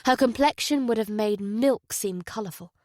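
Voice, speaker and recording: A woman narrating a mystery thriller audiobook at a measured pace. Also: a little high, no room sound, clean studio sound. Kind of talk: scripted narration.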